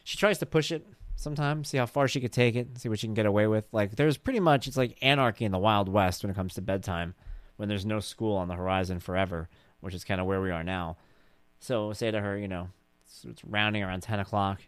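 A middle-aged man telling stories about his daughter in a casual monologue, animated and jokey, and he acts out her voice in high squeals. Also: fast talker, no room sound.

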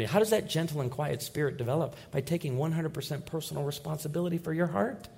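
A man preaching to his congregation, his voice a little higher than most men's. He tells animated stories, acting out voices as he goes. His pitch swings and lifts with every punchline. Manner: animated storytelling with acted-out voices. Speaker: pastor. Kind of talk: sermon.

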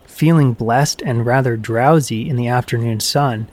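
A man reading a story aloud as a steady, scripted narration. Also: mid-range voice, a little slow.

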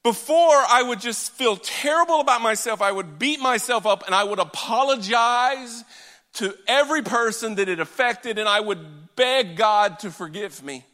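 High, bright-voiced man preaching in a hall. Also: moderate pace. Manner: earnest, emphatic, swings between loud and hushed. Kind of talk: sermon. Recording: long hall reverb.

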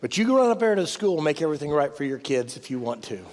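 A man preaching a sermon as a pastor, emphatic, swinging from loud peaks down to low, soft passages. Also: sing-song, very fast, big-room sound, a little hiss or hum.

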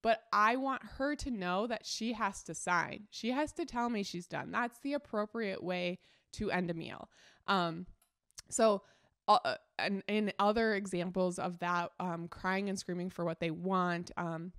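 A young adult woman hosting a podcast, a mother chatting casually about parenting with many fillers and quick laughs. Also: medium pitch, a bit bright, clear, resonant tone, dry recording, studio quality. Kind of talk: casual solo podcast chat.

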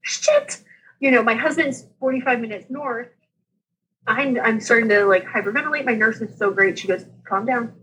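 A woman in her thirties telling her birth story as an interview guest, lively and laughing, acting out the voices of the people in it. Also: on the high side, brisk, a little hiss or hum, low-quality recording.

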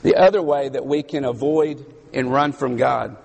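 Gravelly preacher man in a big hall. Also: medium pitch, a little mellow, slight background noise. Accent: Southern US. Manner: slow, emphatic preaching with dramatic pauses. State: voice strained. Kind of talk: sermon. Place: large hall with audience. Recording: long hall reverb.

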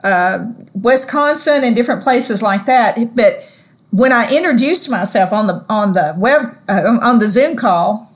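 A woman with a Southern accent co-hosting a ministry podcast, chatty and quick to laugh. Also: fairly high pitch, expressive. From Southern United States. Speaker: podcast co-host. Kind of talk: casual ministry podcast chat.

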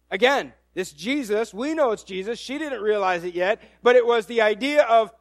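Animated high-voiced male preacher. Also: normal speed, hardly any pauses, no room sound. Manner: animated storytelling, acting out voices, frequent restarts. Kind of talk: sermon.

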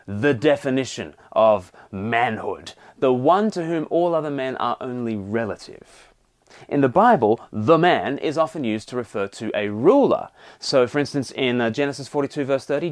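A married man preaching a sermon, explaining scripture and reading passages aloud with emphasis. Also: mid-range voice. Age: adult, married.

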